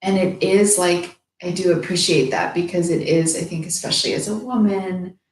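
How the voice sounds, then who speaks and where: A young woman with a fairly low, fairly even voice speaks at a moderate pace in a casual, heartfelt conversation, candid and emotional and swearing freely. The room is echoey, with slight background noise.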